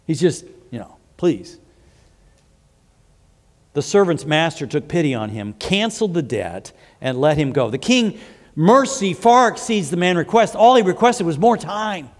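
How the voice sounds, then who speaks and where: A man's voice: a little high, very animated, a little slow. A male pastor preaching a sermon, explaining scripture with asides and frequent restarts. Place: church sanctuary. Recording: long hall reverb.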